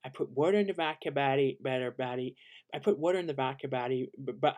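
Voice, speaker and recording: A man's voice: mid-range voice, quick pace, a little mellow, natural voice. A man doing an impression of an exasperated, defensive man who stammers and keeps repeating his partner's name. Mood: pleading.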